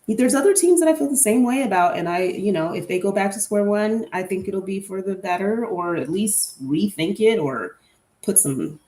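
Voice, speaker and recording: A woman's voice: mid-range voice, normal speed, mellow, echoey room. A young adult woman hosting a casual solo podcast, chatty and candid with an opinionated, filler-heavy way of talking. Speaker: podcast host.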